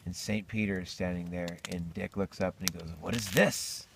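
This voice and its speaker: A man telling a campfire story in an animated, joking manner. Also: low-pitched, a little fast, creaky, noisy background.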